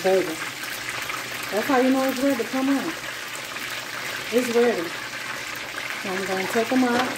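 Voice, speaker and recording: A cooking vlogger chats casually and folksily with her viewers as she cooks in her home kitchen. Her voice is a little high, moving at a moderate pace with frequent pauses. The echoey room is full of loud frying sizzle, making the background noise heavy.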